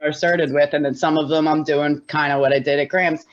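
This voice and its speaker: A woman's voice: deep voice, fairly even intonation, fast, muffled recording. A woman co-hosting a podcast in casual chat, blunt and swearing freely, often laughing. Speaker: podcast co-host.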